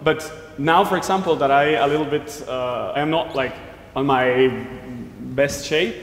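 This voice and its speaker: A young male singer explains his doubts to his coach in a masterclass, hesitant and halting. His voice sits slightly high for a man. The hall adds strong echo and a faint ambience behind him. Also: slight background noise. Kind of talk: masterclass conversation.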